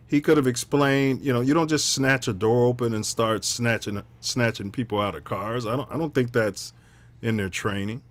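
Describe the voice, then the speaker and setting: A man hosting a talk show, explaining a video clip with measured, indignant commentary. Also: medium pitch. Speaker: show host.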